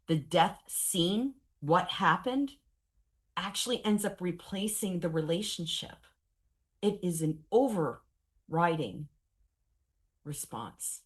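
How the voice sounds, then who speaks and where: A woman in her forties leads a professional training session on traumatic grief. Her voice sits low, and she talks with candid, animated energy and a wry sense of humor. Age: 40s.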